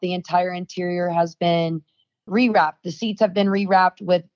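A woman's voice: fairly low pitch, steady tone, moderate pace, darkish tone. A young adult woman, a podcast guest, telling a story in casual chat and acting out the quoted dialogue. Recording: dull, lo-fi dry sound.

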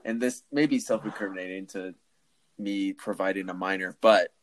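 Young male podcast co-host, lower voice, tells stories animatedly. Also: normal speed. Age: 20s. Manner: animated storyteller who acts out the people he quotes. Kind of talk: casual podcast chat.

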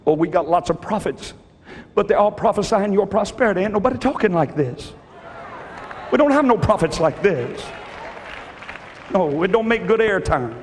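A man preaching a sermon to a church. He pleads with the congregation, dropping to hushed, almost whispered lines and then rising to shouted exhortation. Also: sits high, animated, normal speed, long pauses, a faint crowd. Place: large church hall. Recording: long hall reverb.

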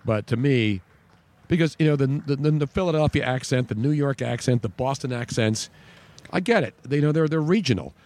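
A man's voice: medium pitch, expressive, brisk, darkish tone. A man hosting a talk radio show, chatting loosely and reading a live ad. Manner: chatty, rambling.

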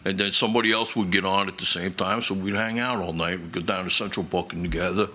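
A bright, edgy-voiced man swaps old police stories in loose, casual talk. He swears freely and jumps into loud, animated impressions of the people in his tales. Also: deep voice, fast talker, slight background noise. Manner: profane, animated, acts out quoted voices. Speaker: retired police officer. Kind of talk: casual storytelling chat.

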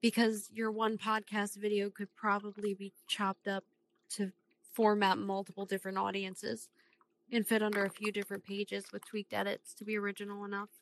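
A woman's voice: medium pitch, a bit bright, slight background noise, low-quality recording. A woman guest on a podcast, chatting casually and explaining at length.

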